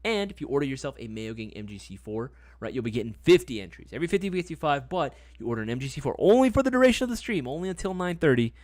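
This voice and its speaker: A man's voice: mid-range voice, sing-song, racing, hardly any pauses, a little mellow, no room sound, studio quality. A young man hosting a casual live stream, talking in a laid-back, slangy way and often tagging on "right?" and "man". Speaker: livestream host.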